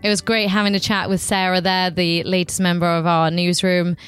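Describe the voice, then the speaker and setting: A woman's voice: fairly low pitch, little pitch movement, fairly quick, fairly bright tone, smooth, faint music behind. A woman hosting a casual podcast chat, chatty and laughing often. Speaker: podcast host.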